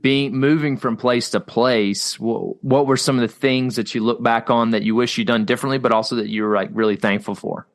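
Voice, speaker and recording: A man's voice: mid-range voice, fairly even intonation, brisk, few pauses. A man hosting a podcast, asking long, stumbling questions with many "you know"s and encouraging his guest. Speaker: podcast host. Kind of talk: podcast interview.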